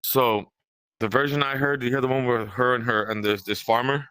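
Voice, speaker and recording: A man's voice: mid-range voice, steady tone, brisk, a bit bright, clear, resonant tone, dry recording. A young man from California co-hosting a podcast, rambling in casual chat, swearing freely and often restarting his sentences. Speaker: podcast co-host.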